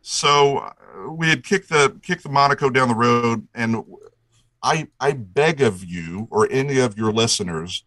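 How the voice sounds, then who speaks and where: A man's voice: mid-range voice, unhurried, bright, forceful tone, no room sound, low-quality recording. Dry-voiced rambling storyteller man. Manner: enthusiastic, rambling, with frequent restarts. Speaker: guest. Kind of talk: casual storytelling chat.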